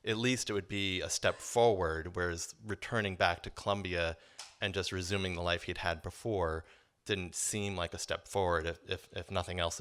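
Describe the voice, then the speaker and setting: Male storyteller, deep voice with a bright edge, thoughtful and earnest, live personal story. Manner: reflective, earnest, many um fillers.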